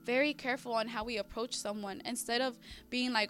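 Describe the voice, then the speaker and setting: A woman talks through faith in a relaxed, animated way. She often restarts her sentences. Her voice sits fairly high, with soft music faintly behind her. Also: brisk. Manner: animated, acts out quotes, frequent restarts. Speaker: co-host of a faith discussion. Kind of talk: casual faith discussion.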